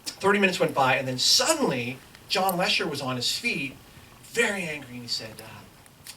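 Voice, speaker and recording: A man's voice: mid-range voice, big pitch swings, moderate pace, bright, forceful tone. A middle-aged man giving a lecture, telling a comic anecdote to a live audience and acting out the lines of the other people in it. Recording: distant mic with clear background noise.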